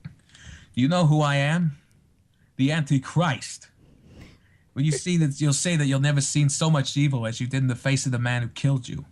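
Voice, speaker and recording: A man doing a slow, menacing older gangster voice. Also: steady tone, a little mellow, close to an everyday voice. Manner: slow, deliberate, low menacing delivery. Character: impression of a menacing older male actor, slow and sinister.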